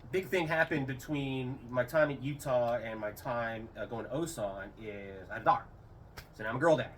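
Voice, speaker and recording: A man's voice: medium pitch, normal speed. A middle-aged man, a retired airman, telling rambling stories in a casual interview. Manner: rambling, animated quoting with raised voice. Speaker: interview guest, retired Air Force. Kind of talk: casual storytelling. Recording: slightly distant mic, faint room noise.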